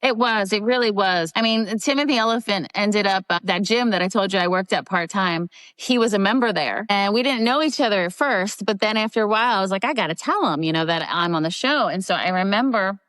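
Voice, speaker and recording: A middle-aged woman from the Philadelphia area, guest on an interview show, telling candid behind-the-scenes stories in a lively way. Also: fairly quick, few pauses, dry recording. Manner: animated, jumps into high voices when quoting people. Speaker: guest actress.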